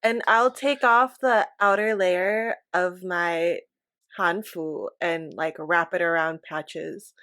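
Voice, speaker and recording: A woman playing a tabletop game, excitable and laughing often. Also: on the low side, takes it slowly, dry recording, studio quality. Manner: animated, laughs a lot, excitable. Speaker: player. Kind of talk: casual tabletop play.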